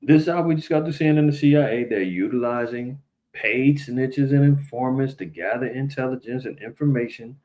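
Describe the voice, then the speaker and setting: A man's voice: normal speed, a little mellow. A man hosting a livestream, talking loosely to his viewers and often turning to address them directly. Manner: loose and conversational, addresses viewers directly, mimics people in higher voices. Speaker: livestream host. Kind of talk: casual livestream commentary.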